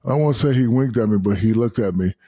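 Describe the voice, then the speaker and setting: A deep, husky man spins animated basketball stories in his fifties. He is profane and loose, and he acts out the lines of the people in his stories. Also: fast talker. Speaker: guest, retired basketball star. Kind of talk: casual storytelling.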